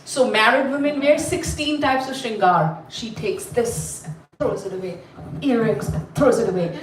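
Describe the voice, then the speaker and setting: A woman from India, telling a story to a class in an animated, chatty way and quizzing her listeners. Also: on the high side, moderate pace. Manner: animated, chatty, asks the group questions. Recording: roomy, mic at a distance.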